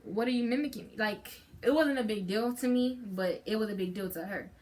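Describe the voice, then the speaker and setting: A woman's voice: medium pitch, a little fast, a little mellow, slight background noise. A teenage girl from telling a storytime to her channel in a casual, rambling way, with many fillers and restarts. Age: teens. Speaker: vlogger.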